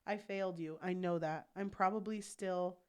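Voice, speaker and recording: A woman's voice: on the low side, steady tone, normal speed, darkish tone, clear, resonant tone, natural voice. A woman reading aloud the lines of a brooding vampire king who is pleading with his wife, in her own voice.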